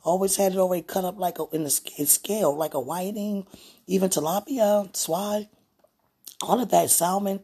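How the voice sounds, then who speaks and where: A woman talking aloud in a casual, rambling way, drifting between hushed and loud. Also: on the low side, normal speed, slightly rough. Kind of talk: casual spoken prayer and chat.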